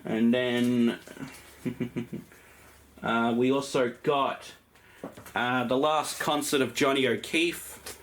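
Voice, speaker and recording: An Australian man casually shows off his vinyl collection, rambling through the records with plenty of ums and uhs. His mid-range, fairly bright voice stays fairly even and extremely slow with long pauses, and there's a little hiss or hum.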